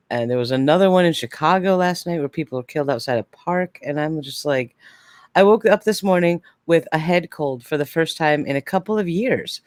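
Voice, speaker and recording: Animated storytelling man, podcast co-host. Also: on the high side, clear, resonant tone, no echo, studio quality. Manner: animated storytelling with quoted voices. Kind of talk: casual chat.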